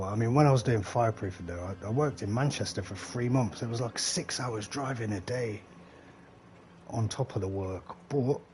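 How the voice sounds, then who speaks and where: Middle-aged man, low voice, rambling live-stream gamer chat with casual swearing, faint ambience behind him. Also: a little mellow, a little hiss or hum. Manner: rambling and chatty, swears freely, talks to the chat.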